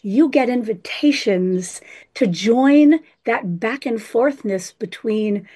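A woman's voice: a little high, animated, takes it slowly, a little mellow, breathy edge. A woman explaining dreams in a flowing, spiritual way, using terms like hypnagogic and sacred space. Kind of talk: reflective explanation.

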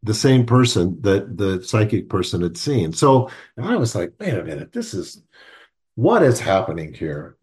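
A man's voice: on the low side, a little mellow. A man, a homeopath guest, telling a rambling story in conversation with many fillers and restarts. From United States.

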